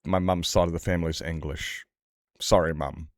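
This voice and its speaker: Very deep-voiced man chatting. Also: little pitch movement, quick pace, no room sound, studio quality. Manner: rambling, joking, talking back to chat. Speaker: streamer. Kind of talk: casual livestream chat while gaming.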